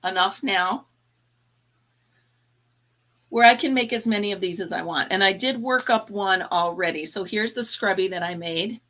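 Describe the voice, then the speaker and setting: A woman's voice: mid-range voice, normal speed, long pauses, bright, forceful tone. A woman hosting a casual live chat, tired and yawning, chatty and laughing often as she talks to her viewers. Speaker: livestream host.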